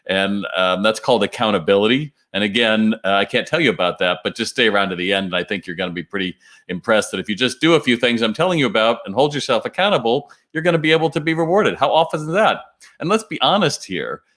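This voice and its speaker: A man's voice: fairly low pitch, lively intonation, fast, a bit bright. A man working as a retail consultant, speaking in a casual promotional video and telling stories with fillers and restarts. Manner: chatty storytelling with fillers and restarts.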